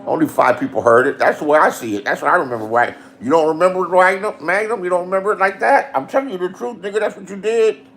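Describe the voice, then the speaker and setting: Gravelly man telling crude stories. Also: sits high, quick pace, hardly any pauses, a bit bright, a little hiss or hum. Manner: crude, laughing, rambling, acts out quotes. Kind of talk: casual profane storytelling.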